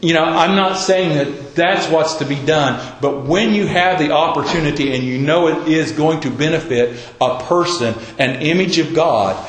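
A man's voice: a little high, moderate pace, hardly any pauses. A man preaching a sermon, telling the story in a folksy, conversational way. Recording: roomy echo.

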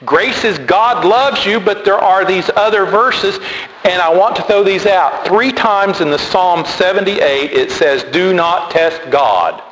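A man preaching a sermon, animated and emphatic, repeating key words. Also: sits high, unhurried. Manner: animated, repetitive emphatic delivery. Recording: echoey hall with faint noise.

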